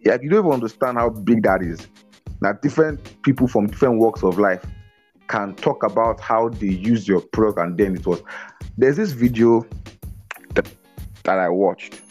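A lively young man talks over a video call, his voice sitting fairly low. He is upbeat and restless, circling back on his own words and breaking into laughs. Soft music plays faintly underneath. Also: normal speed, slightly rough. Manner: energetic, repeats words, laughs often. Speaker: guest on a business podcast. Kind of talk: casual interview talk.

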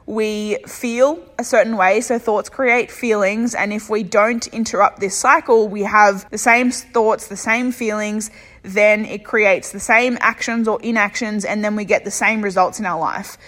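A woman's voice: medium pitch, fairly even intonation, a little slow, fairly bright tone, big-room sound. A young Australian woman hosting a solo self-help podcast, talking bluntly and motivationally and swearing freely. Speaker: podcast host.

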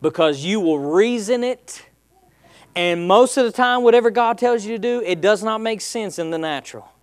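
A man's voice: high-pitched, animated, normal speed, clean tone, no room sound. A man preaching a sermon as pastor, calling out to the congregation and building in intensity. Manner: call-and-response preaching, rising in intensity.

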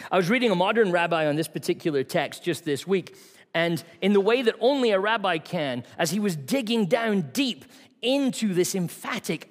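A man preaching a sermon in a church, telling stories with a varied delivery that drops to quiet asides. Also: sits high, in a large hall.

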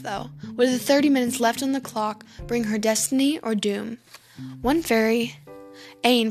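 A woman narrating a spooky fairy tale in a fairly high voice. She slows down to build suspense and stumbles over a word now and then. Faint guitar plays beneath her reading. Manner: slowing for suspense, small slips. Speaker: storyteller.

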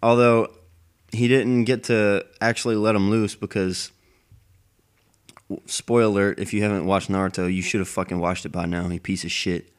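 Low-voiced man ranting casually with heavy cursing. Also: flat delivery, normal speed. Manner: heavily profane, rambling. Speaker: anime fan vlogger. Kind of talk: casual monologue.

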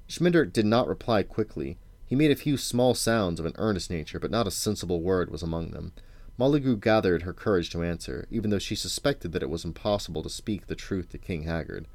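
Low-voiced dad reading a storybook, dry close sound. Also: male voice, animated, a little fast, darkish tone, no echo. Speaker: parent reading to his children. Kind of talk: reading a novel aloud.

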